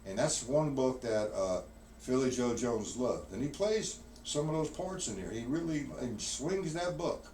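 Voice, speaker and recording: A man's voice: medium pitch, animated, unhurried. A man teaches drums on a live stream in a loose, rambling way, breaking off to count beats aloud. He sits well back from the microphone, and the room around him is noisy. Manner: rambling, self-correcting, counts out loud while demonstrating. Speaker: drum teacher. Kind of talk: live-streamed drum lesson. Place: practice room with a drum kit. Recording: distant mic, noisy room.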